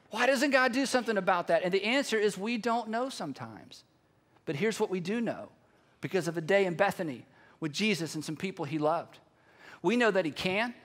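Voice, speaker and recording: A male pastor preaching a sermon with a very high, bright voice. He drives points home through earnest, emphatic repetition. The delivery is sincere and direct.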